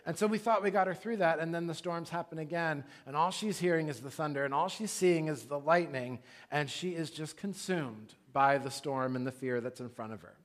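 Man in his thirties, slightly high voice; casual, lively sermon delivery. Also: brisk, hardly any pauses. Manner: conversational, animated preaching with asides. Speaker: pastor.

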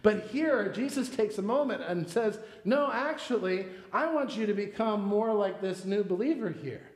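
Male pastor, 30s, high voice, chatty storytelling sermon, big echoey church room. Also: animated, normal speed. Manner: conversational, storytelling with personal anecdotes. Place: church sanctuary. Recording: echoey church hall with long reverb.

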